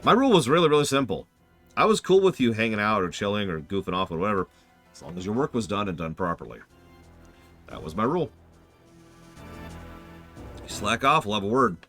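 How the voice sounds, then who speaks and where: A man in his forties giving chatty, animated gaming commentary as a streamer, humming along at times. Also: on the low side, fast talker. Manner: animated, chatty, hums game music.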